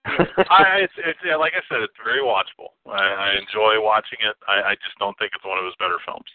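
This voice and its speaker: A man in casual chat, telling stories in an animated, profane way. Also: fairly low pitch, a little fast, dry recording. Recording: dry, tinny phone line.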